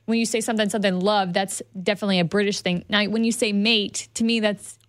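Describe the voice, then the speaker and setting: A woman's voice: mid-range voice, fairly even intonation, fast, dry recording, clean studio sound. Curious woman co-host chatting. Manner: curious, asks lots of questions. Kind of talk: casual chat.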